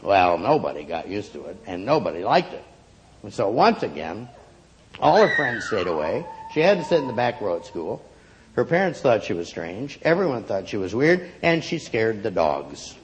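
A man telling a story aloud in an expressive, playful way, acting out the characters. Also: lowish voice, normal speed, background noise. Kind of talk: oral storytelling.

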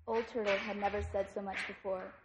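A woman reading a picture book aloud at a service, in an even, measured way. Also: medium pitch. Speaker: reader at a service. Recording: echoey room with faint noise.

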